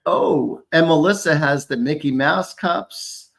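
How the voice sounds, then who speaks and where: A man's voice: on the high side, gravelly, fairly bright tone. A man hosting a psychic show, chatting casually and telling rambling stories with chuckles. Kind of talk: casual psychic readings chat.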